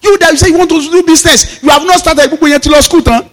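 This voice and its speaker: A preacher doing a shrill nagging sister. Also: male voice, steady tone, fast talker, fairly bright tone, in a large hall. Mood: scolding. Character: scolding older sister, woman, impatient.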